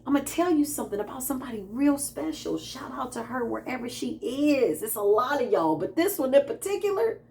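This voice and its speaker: Woman, spiritual practitioner, casual talk to viewers, animated, playful. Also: high-pitched, a little fast, creaky, few pauses, slight background noise. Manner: animated, laughing, quotes herself in playful asides.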